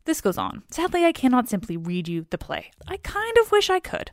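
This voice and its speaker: A woman's voice: high voice, wildly swooping pitch, brisk, no echo, studio quality. A woman retelling a story in a chatty, casual way with wry asides.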